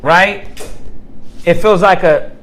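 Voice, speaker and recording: A man with a high-pitched voice teaches a Bible class. He keeps asking the room questions and waits for answers, then acts out everyday scenes to drive each point home. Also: slow pace, slight background noise, rough recording. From United States. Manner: call-and-response questioning, animated acted-out examples.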